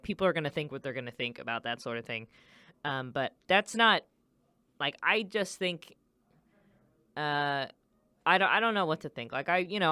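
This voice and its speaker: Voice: mid-range voice, sharp tone, clean tone, no room sound. A radio DJ chatting casually, rambling with many fillers and self-corrections. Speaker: radio DJ host.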